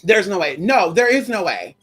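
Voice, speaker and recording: A woman's voice: medium pitch, very animated, moderate pace, background noise. A woman vlogger telling a story in casual chat, gossipy, calling listeners girl and honey, swearing and repeating phrases for emphasis.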